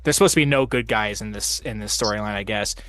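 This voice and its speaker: A man's voice: lowish voice, fast, fairly bright tone, dry recording. Rambling man in casual gaming chat. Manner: rambling storyteller, heavy use of "like". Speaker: host of a tabletop game stream.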